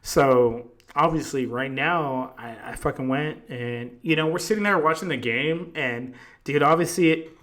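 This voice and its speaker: A man's voice: on the high side, unhurried, a bit bright. A man hosting a podcast, telling a long story in casual chat, swearing constantly and rambling, a bit tipsy. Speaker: podcast host.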